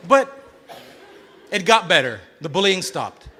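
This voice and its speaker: A man in his thirties from Bahrain performing a stand-up comedy set, telling stories with sudden loud outbursts and acted-out voices. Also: sits high, very animated, a little slow, a faint crowd, slight background noise. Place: comedy stage before a live audience.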